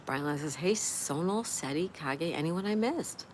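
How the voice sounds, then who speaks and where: This livestream host's voice sits low, with lively intonation and a measured pace. Reading viewers' comments out loud over noisy background sound, she welcomes each one by name and responds with effusive exclamations in a casual stream.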